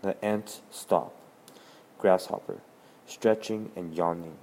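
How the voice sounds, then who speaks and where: A man reading aloud a children's play script, calm and measured. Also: on the low side. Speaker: narrator.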